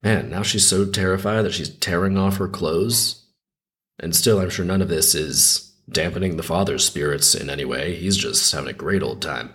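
A man hosting a storytelling podcast, reading a dark fairy tale with wry, incredulous asides. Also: sits low, moderate pace.

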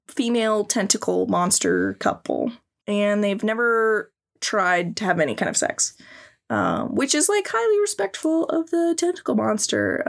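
Animated, giggly young woman recapping. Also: mid-range voice. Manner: animated, giggly, crude and sarcastic. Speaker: podcast host. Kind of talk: casual comedic recap.

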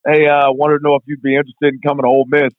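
Raspy gruff old coach as a man does him, pitched up high, tinny phone-like sound. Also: completely flat delivery, rapid-fire, no room sound, lightly acted. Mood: friendly gruff. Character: older male football coach, gruff. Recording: tinny phone-like line, dry.

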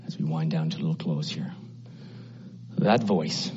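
A man preaching a sermon with passion, dropping to a hush and then climbing loud and high. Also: moderate pace, dull audio, background noise. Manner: impassioned, swinging from hushed to loud and high.

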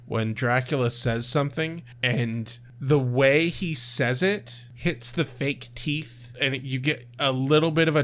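A man's voice: mid-range voice, a bit bright. A man co-hosting a podcast, chatting casually in a laid-back, profane way with frequent laughs. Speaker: podcast co-host. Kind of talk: casual chat.

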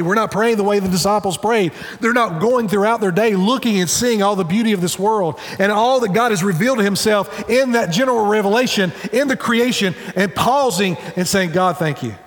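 A man's voice: high-pitched, long reverb tail. A male pastor preaching a sermon in an earnest, conversational way, with wry asides. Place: church sanctuary.

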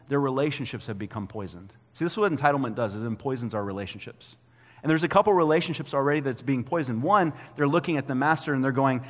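A man in his thirties preaching a sermon as a pastor, talking conversationally and acting out quotes in an animated way. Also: mid-range voice, fast talker, in a large hall.

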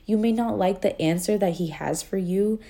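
A woman's voice: mid-range voice, moderate pace, creaky, dark tone. A woman hosting a casual faith-based podcast, talking earnestly in a chatty way full of fillers like "like" and "um". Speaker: podcast host and life coach.

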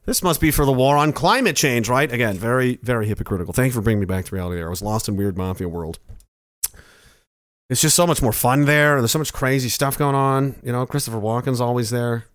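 A man's voice: mid-range voice, expressive, quick pace, a bit bright, no room sound, clean studio sound. A man hosting a stream, rambling casually, joking, laughing often and swearing. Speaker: streamer host. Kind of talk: casual comedic chat.

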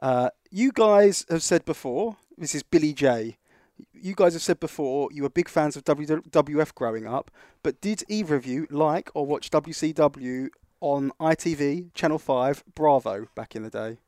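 A man's voice: fairly high pitch, lively intonation, normal speed, darkish tone, no room sound, clean studio sound. A man co-hosting a podcast, chatty and teasing, reading out listener questions. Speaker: podcast co-host.

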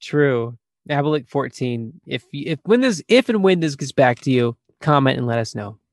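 A man's voice: medium pitch, animated, normal speed, no echo, studio quality. A man co-hosting a casual chat, joking and laughing as he reads out fan questions. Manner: laughing, jokey, acts out bits in whispers. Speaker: podcast co-host.

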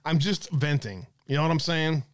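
Brief: male stream host, exasperated profane rant, somewhat high voice, dry close mic. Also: normal speed, no room sound. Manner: profane, exasperated ranting, reading viewer comments. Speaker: host of an online talk stream. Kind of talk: ranting live-stream talk.

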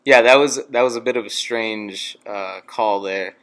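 A man's voice: on the low side, unhurried, a bit bright. A young man interviewing for a student club, asking long questions in a hesitant way with many fillers. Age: young adult.

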